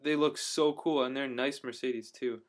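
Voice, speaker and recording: A man's voice: medium pitch, fairly even intonation, normal speed. A young man talking casually in a travel vlog, rambling and hesitant with many fillers and restarts. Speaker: travel vlogger.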